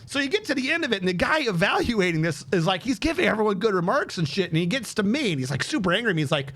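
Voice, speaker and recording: A young man with a notably high-pitched voice tells a story casually while he streams. He is animated and profane, and he acts out each exchange he describes. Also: rapid-fire, hardly any pauses.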